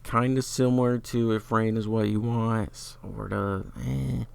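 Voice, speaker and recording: A man's voice: fairly low pitch, steady tone, measured pace, gravelly, a little mellow, smooth. A man giving a casual, opinionated music review, talking loosely with lots of fillers. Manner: opinionated, chatty, filler-heavy.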